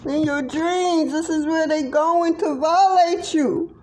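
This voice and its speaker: A woman's voice: sits high, steady tone, takes it slowly, a little mellow, a little hiss or hum. A middle-aged woman giving a tarot reading monologue to viewers, blunt, profane and impassioned. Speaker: tarot reader.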